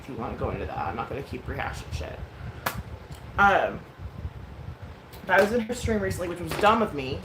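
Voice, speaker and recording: A woman's voice: sits low, big pitch swings, brisk, pauses often. A woman in her thirties telling a story in a casual rant, frank and profane, with lots of fillers. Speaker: vlogger. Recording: echoey room with clear background noise.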